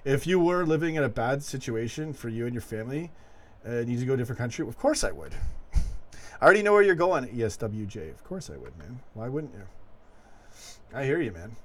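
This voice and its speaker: Animated rambling male stream host. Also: medium pitch, a little fast. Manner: rambling, animated, chuckling asides. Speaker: host of a fan call-in show. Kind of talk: late-night livestream chat.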